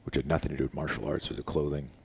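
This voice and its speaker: In a living room, a middle-aged man who teaches self-defense spins an animated story during a relaxed chat, performing each quoted voice himself. He speaks in a rumbling, gravelly low register at a racing pace, with a slight hiss or hum in the audio.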